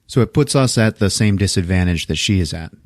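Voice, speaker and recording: A man's voice: low-pitched, lively intonation, a little fast, dry recording, studio quality. A man casually recapping a movie plot on a podcast, laughing often and acting out the characters' lines, with some swearing. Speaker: podcast host.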